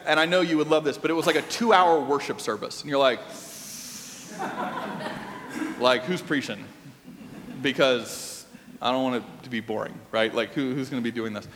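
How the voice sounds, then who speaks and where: A male pastor preaching a sermon, telling a personal story in an animated, conversational way with asides to the congregation. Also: high-pitched. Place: church sanctuary. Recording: long reverb of a church hall.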